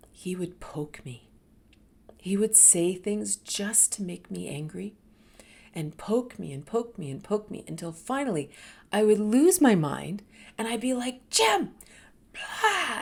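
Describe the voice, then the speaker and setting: A woman in her fifties hosting a talk, telling her own story in a candid, expressive way that dips into soft murmurs and rises with emphasis. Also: mid-range voice, gravelly, slightly rough. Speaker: host sharing a personal story. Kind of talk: reflective personal storytelling.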